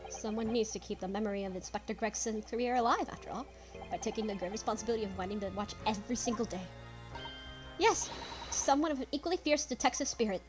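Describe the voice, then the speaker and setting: A woman voicing a brash young woman detective in a story game, rough and cocky. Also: fairly high pitch, quick pace, music in the background, natural voice. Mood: determined.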